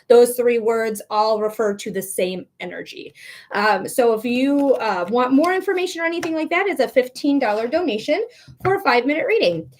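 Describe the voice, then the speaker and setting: A woman's voice: fairly high pitch, expressive, normal speed. A woman giving live tarot readings on a stream, chatty and encouraging, talking straight to her viewers. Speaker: psychic reader.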